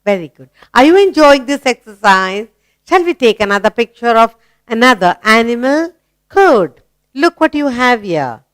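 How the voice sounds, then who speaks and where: A woman's voice: a little high, very animated, smooth, no echo. A woman teaching a grammar lesson to young children, asking questions and praising answers. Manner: slow, coaxing, asks questions and praises.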